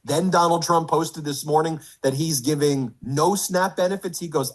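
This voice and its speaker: A man's voice: on the high side, moderate pace, hardly any pauses. A man giving a political commentary monologue, reading quotes aloud in an indignant rush.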